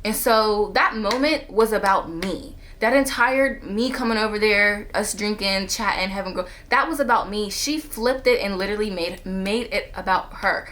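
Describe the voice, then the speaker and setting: A woman speaks to her camera in a relaxed storytime vlog, her voice sitting at an everyday middle pitch. She tells it as loose, conversational chat, leaping higher whenever she acts out what someone said. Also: normal speed, few pauses, a little hiss or hum. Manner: animated retelling, jumping up in pitch when quoting herself and others. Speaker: vlogger telling a personal story. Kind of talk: casual storytime monologue. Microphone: camera on a stand.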